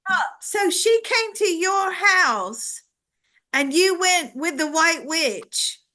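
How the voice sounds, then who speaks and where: A woman host with a high, bright voice that swoops widely as she speaks. She talks slowly and teases her guest in a casual, giggly chat. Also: expressive. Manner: teasing, giggly interviewer. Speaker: psychic host.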